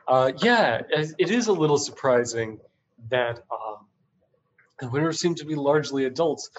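A man joins a tabletop game, speaking in character with a wry, playful tone. His voice is mid-pitched, with a faint background hum in the recording. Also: dull audio. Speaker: player.

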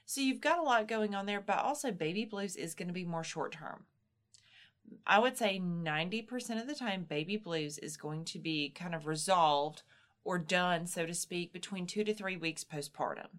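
A woman's voice: on the low side, normal speed. A woman co-hosting a podcast, explaining things in a reassuring, plain way and sometimes acting out what a mother thinks. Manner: explanatory, reassuring, acts out moms' inner voices. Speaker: podcast co-host explaining postpartum health. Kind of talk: casual podcast chat.

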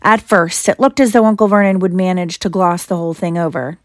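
A woman, a mother, reading a storybook aloud to her child in steady narration. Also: lowish voice, a little fast, hardly any pauses, no echo, clean studio sound.

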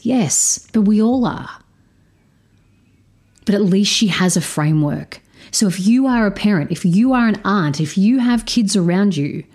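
Brief: woman podcast host, solo monologue, blunt and profane, slightly low voice. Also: a little mellow. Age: adult stepparent. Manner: frank, profane, emphatic.

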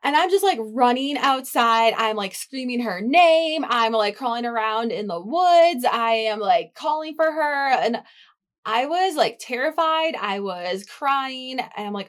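A young woman co-hosting a podcast in casual chat, telling stories in an animated way, peppered with "like" and swearing. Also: on the high side, unhurried. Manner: animated storyteller, lots of "like", swears. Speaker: podcast co-host.

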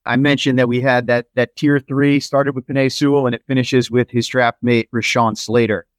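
A man's voice: mid-range voice, little pitch movement, moderate pace, no room sound. A man hosting a football podcast, talking in a loose, rambling way with lots of asides and restarts. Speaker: podcast host. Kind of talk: casual sports analysis chat.

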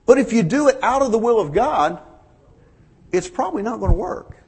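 A man's voice: extremely high pitch, lively intonation, moderate pace, a little mellow, slightly rough. A man preaching a folksy sermon, telling stories to his congregation. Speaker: pastor.

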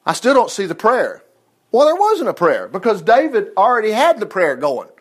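A man's voice: sits high, wildly swooping pitch, moderate pace, husky. A man teaching a Bible story in a folksy, chatty way, with asides and self-corrections. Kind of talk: casual Bible-study teaching.

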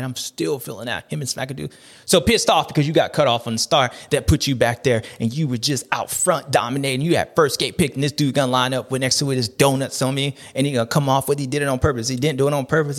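A man with a mid-range, slightly bright voice hosts a supercross race recap show. His talk is animated and casual, peppered with playful slang and catchphrases he repeats.

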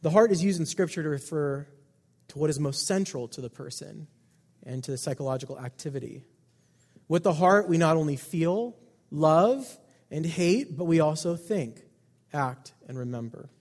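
A man's voice: on the high side, expressive, normal speed. Emphatic male pastor in a reverberant hall. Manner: emphatic, swings between loud stresses and quiet asides. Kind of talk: sermon.

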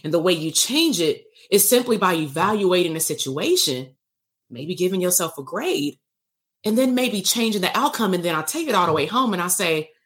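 Lively low-voiced woman therapist. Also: moderate pace. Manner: animated, acts out exchanges, laughs and swears casually. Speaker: therapist leading workshops. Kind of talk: casual livestream teaching talk.

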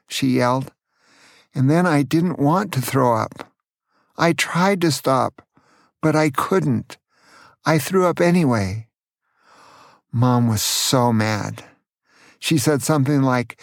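A man in his sixties from California, a grandfather gently and earnestly telling stories from his childhood on his own podcast. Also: fairly high pitch, animated, no echo, clean studio sound. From California, USA. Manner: earnest, gentle, slow storytelling. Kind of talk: storytelling memoir.

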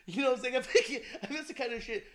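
A man's voice: extremely high pitch, rapid-fire, fairly bright tone. A young man chatting casually and profanely, rambling with many restarts and laughing often.

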